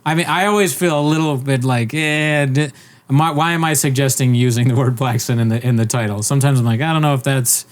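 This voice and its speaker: A man hosting a podcast in a loose, casual chat. He is joking and swears freely, and his voice sits at a mid pitch that is neither deep nor high. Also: fairly quick. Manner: joking, profane, slips into mocking impressions. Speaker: podcast host.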